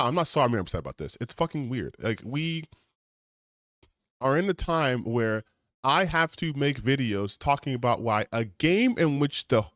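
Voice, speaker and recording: A man's voice: medium pitch, no room sound, clean studio sound. A man ranting on a gaming stream, reading out comments and reacting with heated, sarcastic, profane commentary. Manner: heated, sarcastic, swears often.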